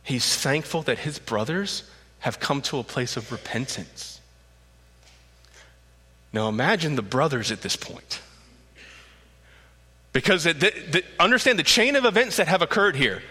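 A male preacher tells a story in a sermon, animated and expressive, and slips into voices for the characters. His voice is high and very bright. It carries through an echoey church hall. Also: slightly rough. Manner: animated storytelling, acts out quotes.

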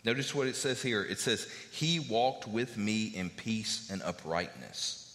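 Guy preaching a sermon, kinda low voice but sharp and forceful, chatty with lots of uh and like, big echoey church. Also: unhurried. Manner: conversational preaching with fillers and repeated phrases. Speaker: pastor.

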